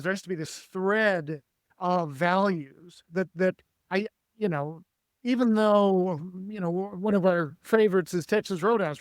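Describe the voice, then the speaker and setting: A man's voice: high-pitched, no room sound, studio quality. A man co-hosting a podcast interview, talking casually and searching for examples mid-sentence. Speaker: podcast co-host.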